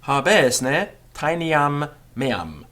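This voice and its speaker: A male teacher talks through a grammar lesson at an unhurried, deliberate pace. His voice rises and falls a lot, and he repeats each phrase slowly so it sinks in. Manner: slow, patient drilling with repeated example phrases; lively rising and falling pitch. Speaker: Latin teacher. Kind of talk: spoken language lesson.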